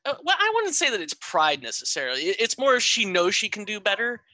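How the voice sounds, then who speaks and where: A man's voice: high voice, huge pitch swings, fairly quick, bright, forceful tone, dry recording. A man in casual podcast chat about a tabletop game, thoughtful and hesitant with many fillers.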